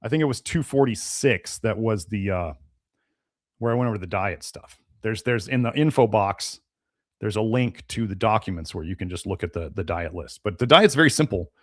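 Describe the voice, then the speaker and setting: A man with a lowish, animated voice speaks at a moderate pace while hosting a live-stream Q&A for his health podcast. He answers chat questions casually and ramblingly, full of fillers and restarts, and sounds slightly congested and sneezy.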